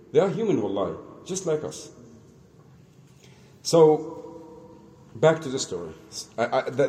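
Man telling a sermon story, mellow voice. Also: mid-range voice. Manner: conversational, halting, many restarts, acts out dialogue. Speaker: Islamic preacher.

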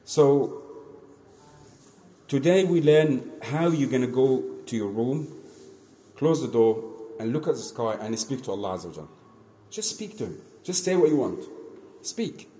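Earnest preacher. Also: male voice, medium pitch, lively intonation, measured pace, long pauses, slight background noise. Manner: earnest, repetitive, swings between soft and emphatic. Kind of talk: mosque lesson, storytelling sermon.

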